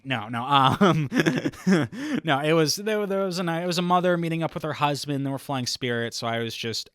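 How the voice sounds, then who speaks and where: A young man hosting a comedy podcast alone, riffing in a rambling, deadpan way and laughing at his own lines. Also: on the high side, moderate pace, clean tone, no room sound, clean studio sound. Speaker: podcast host. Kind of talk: comedic solo podcast monologue.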